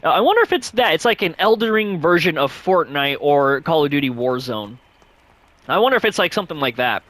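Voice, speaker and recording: A man hosting a gaming channel, chatting casually and rambling, with many fillers and sudden jumps up in pitch. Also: sing-song, brisk, fairly bright tone, no echo. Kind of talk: casual vlog chat.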